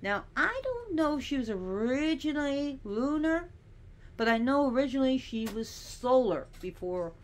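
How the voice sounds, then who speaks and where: A woman's voice: high voice, very animated, moderate pace. A woman giving a casual teaching monologue, chatty and digressive, with sassy asides.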